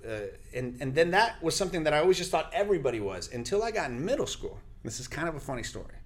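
A man speaks in a slightly high, racing voice, and his first language is Spanish. He's a guest actor and radio host giving an animated interview, telling lively stories and acting out the people in them.

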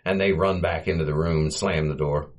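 Husky man chuckling through a recap. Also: a bass voice, steady tone. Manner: chuckles often, quick comic voices for quoted lines. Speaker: podcast host. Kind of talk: casual retelling of an old comedy short.

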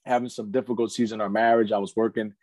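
Man, 30s, podcast guest, earnest storyteller, lowish voice, dry close sound. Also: little pitch movement, quick pace, darkish tone, dry recording. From United States. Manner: earnest, fills speech with "man" and "you know". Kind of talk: candid storytelling in casual conversation.

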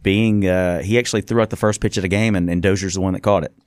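A man's voice: deep voice, fairly even intonation, fast talker, a little mellow, no echo. A man who is a guest in a radio studio, talking sports casually and reading off stats, sometimes correcting himself mid-list.

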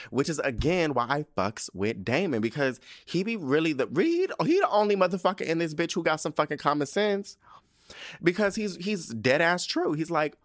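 A man hosting a podcast, recapping a TV episode in animated, profane, slang-heavy casual commentary. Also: on the high side, normal speed, dry recording, studio quality. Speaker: podcast host.

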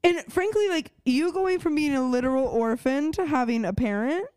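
A woman's voice: sits high, animated, normal speed, darkish tone, dry recording, studio quality. A woman co-hosting a podcast in casual chat, easygoing and agreeable, often laughing along. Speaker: podcast co-host.

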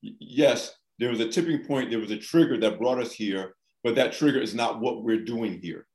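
Guy hosting a talk show, measured and wordy, sounds kinda roomy. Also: mid-range voice, a little mellow. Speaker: show host. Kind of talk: conversational interview talk. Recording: echoey room.

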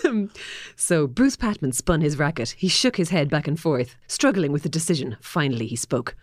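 Female co-host, giggly and gushing, low voice, dry mic. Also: lively intonation, normal speed, no room sound. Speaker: podcast co-host. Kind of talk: book discussion and reading aloud.

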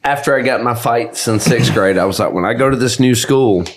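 A man's voice: medium pitch, brisk, a little hiss or hum. Man, podcast guest, casual chat, blunt jokes, swearing. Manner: joking, blunt, swears freely.

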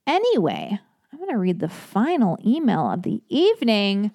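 A woman hosting a podcast alone, chatting casually in a rambling way with animated asides. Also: mid-range voice, moderate pace, dry recording, studio quality. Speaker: podcast host. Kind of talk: casual solo podcast talk.

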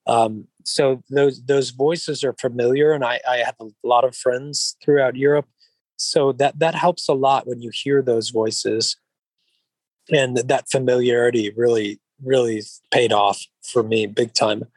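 A man, an actor being interviewed, who talks in an even-keeled, mellow way, rambling with frequent restarts and filler phrases. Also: mid-range voice, unhurried, dry recording, rough recording. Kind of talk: relaxed interview conversation.

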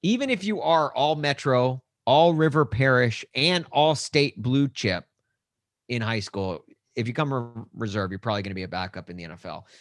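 A man cohosts a sports podcast in loose, rambling banter and slips into higher voices for mock dialogue. His voice sits in a middle pitch. The sound is close and dry. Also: animated, normal speed, no room sound. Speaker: podcast co-host.

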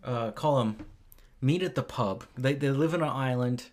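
A podcast co-host chatting casually, retelling plots in a relaxed, rambling way. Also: mid-range voice, normal speed. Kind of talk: casual chat.

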